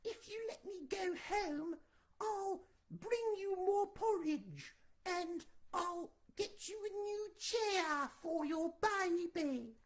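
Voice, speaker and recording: A woman's voice: extremely high pitch, takes it slowly, noisy background, exaggerated voice. A woman voicing a whiny little blonde girl who pleads and squeals dramatically. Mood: pleading.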